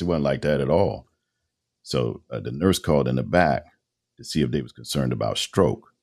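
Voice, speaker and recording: A man in his fifties, a radio host and voice-over artist, telling his story in a casual, animated interview with colloquial phrasing. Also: a bass voice, brisk. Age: 50s.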